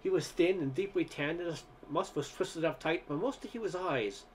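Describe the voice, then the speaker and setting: A man narrating a first-person story aloud in a relaxed, conversational way. His voice is pitched a little high, and he sometimes trips over a word. A faint hum of ambience sits under the reading. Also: normal speed. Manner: conversational, with occasional stumbles.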